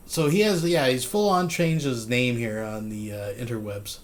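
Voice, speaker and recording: A man's voice: mid-range voice, normal speed. A man hosting a reaction show, giving mocking, incredulous commentary on a livestream. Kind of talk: sarcastic commentary.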